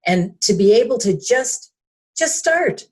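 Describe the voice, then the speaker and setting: A woman's voice: on the high side, lively intonation, unhurried, a little mellow, breathy edge. A woman guest in a conversational interview, reflective and hesitant, with frequent fillers.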